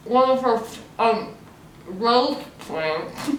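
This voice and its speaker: Young woman, mouth full of marshmallows, slow unhurried delivery, blunt and swearing, recorded in an echoey room. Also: mid-range voice, a little hiss or hum. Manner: blunt, swears freely, rambling. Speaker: host. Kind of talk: casual episode recap. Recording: echoey room, distant mic.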